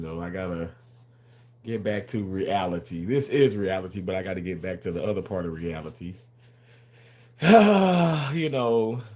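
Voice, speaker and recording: Chatty man livestreaming to his chat. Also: lowish voice. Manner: chatty and rambling, repeats words, argues with the chat. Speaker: livestreamer reading viewer chat. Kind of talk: casual livestream talk.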